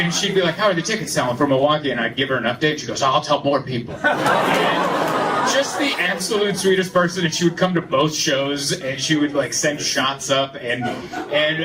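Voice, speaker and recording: A man performing a stand-up comedy set on a club stage, telling stories and acting out voices on a handheld mic. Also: medium pitch. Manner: animated storytelling, acts out voices. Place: comedy club stage before a laughing crowd. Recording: loud crowd laughter and room noise.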